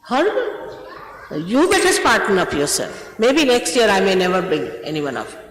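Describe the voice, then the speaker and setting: A woman's voice: mid-range voice, big pitch swings, moderate pace, reverberant, big-room sound, a little hiss or hum, low-quality recording. An older woman, a spiritual teacher, scolding and urging her followers, emphatic, often repeating herself and laughing between remarks.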